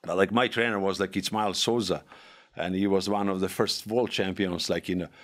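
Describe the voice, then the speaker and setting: Man speaking halting. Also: deep voice, fairly even intonation. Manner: halting, many fillers and restarts, non-native grammar. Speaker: guest, former legionnaire. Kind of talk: casual podcast chat.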